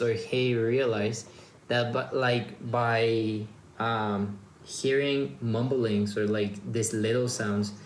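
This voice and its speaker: A man from Mexico hosting a casual chat, rambling loosely and trailing off mid-sentence. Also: medium pitch. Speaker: host. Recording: roomy echo with faint background noise.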